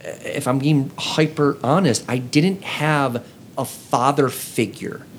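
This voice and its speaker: A man's voice: medium pitch, slow pace, a little hiss or hum. A man co-hosting a casual podcast among friends, telling stories earnestly and acting out the lines he quotes. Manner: earnest storytelling, acting out scenes in quoted voices. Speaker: podcast co-host.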